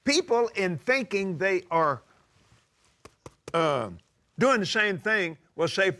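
An older man preaching a sermon, emphatic and drawing out scripture quotes slowly. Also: sits high, sing-song, sharp tone. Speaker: televangelist preacher. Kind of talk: sermon-style teaching.

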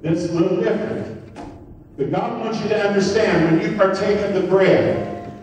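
A man preaching a sermon as pastor, swinging from loud, high exclamations to soft murmurs. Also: fairly even intonation, moderate pace. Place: church sanctuary. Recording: echoey church hall from far off.

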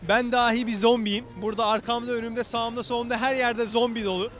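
With loud background music running under him, this man from Turkey works the city streets as a TV reporter and host, teasing interviewees with a handheld mic and narrating playfully. His voice is extremely high with little pitch movement, and he talks quickly.

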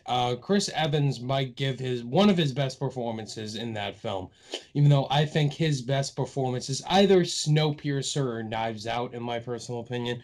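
A young man from Massachusetts co-hosting a film podcast in casual chat, easygoing and quick to laugh. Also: mid-range voice. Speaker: podcast co-host.

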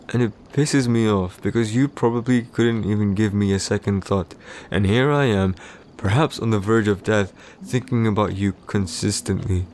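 A man's voice: darkish tone, a little hiss or hum. A man playing a possessive jealous warrior husband, whispered role-play. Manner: curt, irritated, possessive, speaks low and close. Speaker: voice actor in a boyfriend roleplay.

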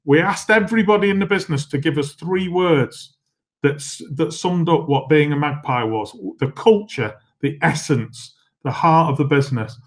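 A middle-aged man, a company chief executive, giving a business masterclass with brisk, self-deprecating anecdotes. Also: fairly high pitch. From England.

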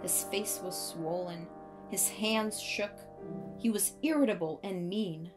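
A woman reading a picture-book story aloud in an expressive, varied way. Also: lowish voice, takes it slowly. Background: piano music.

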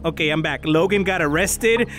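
A man playing a VR dating game, joking loudly, laughing and teasing his date. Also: high voice, big pitch swings, normal speed, slight background noise. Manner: goofy, loud, laughing, playful mock flirting. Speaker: VR gaming YouTuber. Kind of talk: comedic gaming commentary.

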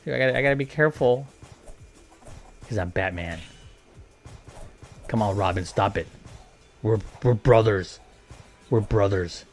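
A man's voice: on the low side, a little slow, pauses often, soft background music. A man casually commentating a video game, joking and talking playfully to the characters. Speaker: gameplay commentator.

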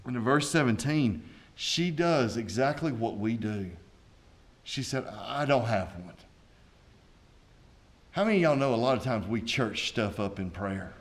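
A man's voice: mid-range voice, animated, moderate pace. A man, a pastor preaching a sermon with folksy asides and rising intensity.

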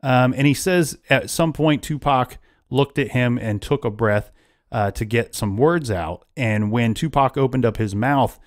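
A man's voice: mid-range voice, unhurried. A man hosting a casual true-crime podcast, retelling events at length with frequent restarts. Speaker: podcast host.

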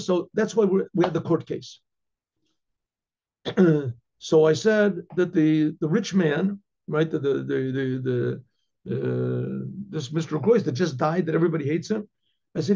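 A man, a rabbi, telling a story in a rambling way, with restarts and frequent throat clearing. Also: on the high side, huge pitch swings, unhurried, mellow, muffled recording. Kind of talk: storytelling lecture.

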